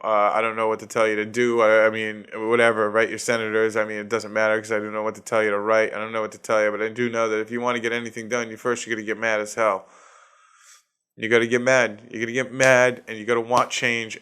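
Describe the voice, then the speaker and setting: Man, Boston accent, comedian host, solo podcast, profane rant, smooth clear voice, monotone delivery. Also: fairly low pitch, fast. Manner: profane, ranting, laughs at his own jokes.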